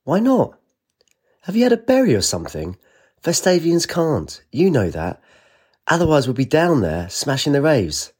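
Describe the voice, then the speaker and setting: An eager, restless young heroine in an audiobook, her voice pitched up high and quick. A man reads her lines in a put-on voice. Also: huge pitch swings, a little mellow, breathy edge, exaggerated voice. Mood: urgent.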